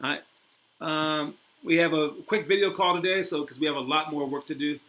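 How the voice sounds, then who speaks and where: A man's voice: fairly high pitch, brisk, fairly bright tone, a little hiss or hum. A young adult man hosting a basketball show, rambling and motivational, teasing his guest and laughing easily. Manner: rambling, repeats "all right?" often. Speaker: basketball program host and coach. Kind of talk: casual motivational talk and interview.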